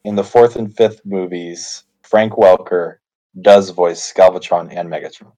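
Low, mellow-voiced man chatting casually. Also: unhurried, poor audio. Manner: relaxed, chatty, adds trivia. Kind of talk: casual movie discussion.

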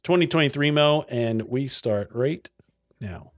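A man's voice: mid-range voice, animated, measured pace. Rambling casual podcast host, a man. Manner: rambling, loose, plenty of restarts. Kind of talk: casual chat.

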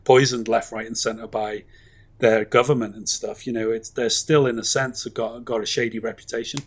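A man's voice: medium pitch, little pitch movement, moderate pace. A man, chatting casually about films in a rambling, enthusiastic way with plenty of fillers. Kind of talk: casual film chat.

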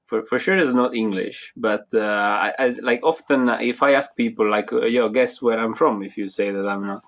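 A man's voice: medium pitch, fairly quick. A man in his thirties from near Naples with an Italian accent, chatting casually as an interview guest, hesitant with many fillers and restarts. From Italy, small town near Naples. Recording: dull lo-fi sound.

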